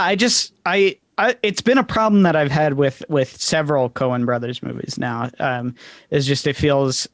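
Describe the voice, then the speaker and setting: A man's voice: on the high side, dry recording, studio quality. A man co-hosting a podcast in casual chat about films, stammering and searching for words as he works out his view. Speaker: podcast co-host. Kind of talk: casual film discussion.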